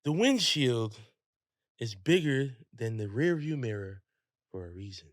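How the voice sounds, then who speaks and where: A man with a New York accent hosting a podcast, laid-back and quick to agree. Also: mid-range voice, very animated, dry recording, clean studio sound. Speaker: podcast host. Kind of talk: casual podcast chat.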